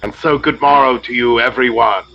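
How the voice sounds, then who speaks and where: A man playing a noble, brooding Roman conspirator in an audio drama, speaking slowly and deliberately. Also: medium pitch, natural voice. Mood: grave. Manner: slow, deliberate. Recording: dull lo-fi sound.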